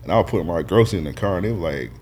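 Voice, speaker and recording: A man co-hosting a casual podcast chat, telling lively stories and mimicking the people he quotes. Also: low-pitched, very fast, slight background noise. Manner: animated storyteller, mimics voices loudly when quoting. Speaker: podcast co-host.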